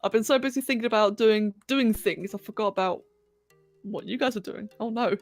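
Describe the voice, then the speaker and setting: A woman's voice: medium pitch, brisk, no room sound. A woman hosting a live stream, chatting casually and thinking aloud with self-mocking humour while she sculpts. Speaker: livestream host. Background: faint electronic music.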